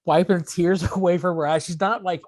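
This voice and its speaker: Relaxed man with a dry close sound. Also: sits high, fairly quick, no room sound. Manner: relaxed storyteller, fillers, dry jokes. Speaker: co-host. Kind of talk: casual podcast chat.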